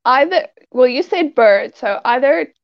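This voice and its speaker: A giggly woman from South Africa chats as a podcast guest. Her voice is high and swoops around a lot, and she speaks slowly. The sound is dry and a little dull. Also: no room sound. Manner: giggly, expressive. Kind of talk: casual podcast chat.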